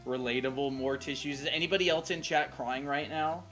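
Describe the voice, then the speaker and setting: A woman's voice: sits low, a little fast. A woman co-hosting a live art stream, chatting casually and joking playfully. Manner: playful and jokey. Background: faint Christmas music.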